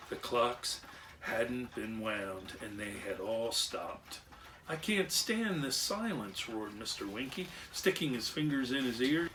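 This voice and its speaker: A man's voice: medium pitch, a bit bright, far from the mic, slight background noise. A man reading a children's story aloud with expression, acting out animal and machine sounds along the way. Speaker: storyteller and clockmaker.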